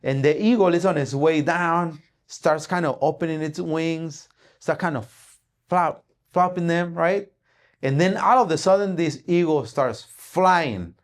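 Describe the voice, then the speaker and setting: A man giving a motivational talk, telling a parable in animated storytelling style, acting out the dialogue and often tagging lines with "right?". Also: a little high. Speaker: speaker at an investing event.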